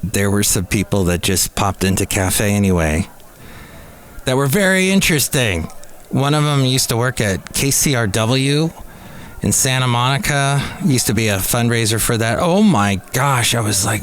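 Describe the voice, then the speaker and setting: A man's voice: medium pitch, lively intonation, moderate pace, a little hiss or hum. A man in his fifties hosting a casual solo podcast from a café. He rambles through the news with self-deprecating asides. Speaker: podcast host. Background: faint background music.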